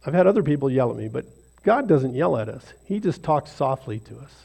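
A man's voice: medium pitch, big pitch swings, brisk, vocal fry, dark tone. A man leading an informal devotional talk for a small group in a rambling, self-deprecating, conversational way. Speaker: lay speaker leading a devotional.

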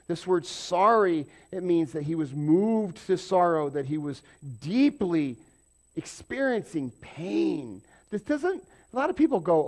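A man preaching a conversational sermon, jumping from loud emphatic bursts to quiet asides. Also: high-pitched, very animated, unhurried. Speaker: pastor.

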